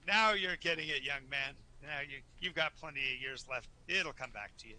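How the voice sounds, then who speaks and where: A man's voice: a little high, normal speed, pushed and bright. A man doing a hearty old dwarf. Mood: reassuring. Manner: hearty, calls the listener young man. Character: jovial old male dwarf, reassuring and fond.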